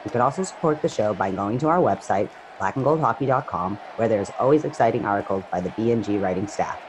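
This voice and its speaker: A man reads a podcast promo in a lowish voice. His delivery is steady and list-like. Clear background noise runs under the recording. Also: quick pace, low-quality recording. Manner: steady, listing read. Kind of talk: read promotional announcement.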